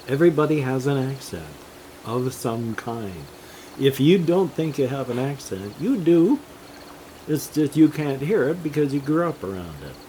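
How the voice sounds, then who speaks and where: An older man vlogging about video games, unhurried and meandering as he wanders between topics with the odd chuckle. His delivery is slow and drawn out at an ordinary mid pitch. A faint hiss of background noise sits under the voice. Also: warm tone. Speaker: gaming vlogger. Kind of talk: rambling casual monologue.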